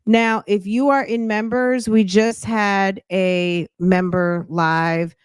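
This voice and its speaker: A woman hosts a relaxed live stream, chatting with viewers and greeting them by name. She talks at an unhurried pace in a smooth, clear voice, with a close, dry sound and no room echo. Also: medium pitch. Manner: chatty, greets viewers by name, thinks aloud while reading. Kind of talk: casual live-stream reaction chat.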